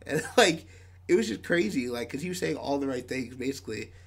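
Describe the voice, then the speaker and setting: A man's voice: medium pitch, animated, brisk, gravelly, husky. A man, a podcast guest from a band, telling a rambling story with lots of "like"s and frequent laughs. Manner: rambling, many "like"s, laughs often. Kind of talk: casual storytelling.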